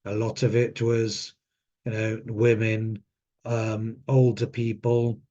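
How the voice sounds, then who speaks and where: A man's voice: on the low side, completely flat delivery, slow pace, dark tone. Rambling middle-aged man, muffled recording. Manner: rambling, frequent fillers and restarts. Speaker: association officer. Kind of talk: casual spoken trip account.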